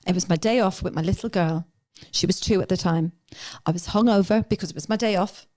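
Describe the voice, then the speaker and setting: A woman's voice: on the low side, a little fast, a little mellow. Frank, reflective woman podcast guest. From England, raised in Ireland. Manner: frank and reflective, acts out her own past thoughts. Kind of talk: candid podcast conversation.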